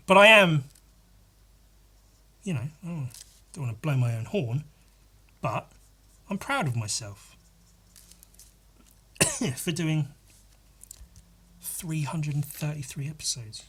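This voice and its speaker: A man's voice: on the high side, animated, slow, long pauses, bright, forceful tone, slightly rough. A man hosting his own podcast in a casual solo monologue, rambling and self-deprecating and swearing now and then. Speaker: podcast host.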